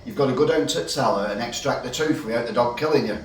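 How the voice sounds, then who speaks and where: A man's voice: mid-range voice, quick pace, slight background noise, natural voice. A man voicing a blunt, sly barman in a pub joke. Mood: deadpan sly. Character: tough pub barman, male, middle-aged, blunt. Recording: roomy, distant mic, faint ambience.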